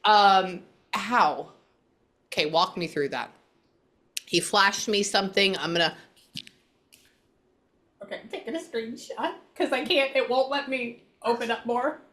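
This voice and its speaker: A woman psychic medium giving a casual reading, animated and blunt, swearing freely as she relays messages. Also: mid-range voice, measured pace, pauses often.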